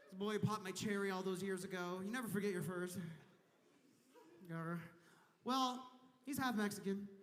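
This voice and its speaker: A man with a high, light voice rambles through a crude stand-up set, slipping in and out of little character voices. He is on a big convention stage, and his words ring out into a long hall reverb. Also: moderate pace, pauses often, fairly bright tone. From Kentucky, US. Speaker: stand-up comedian.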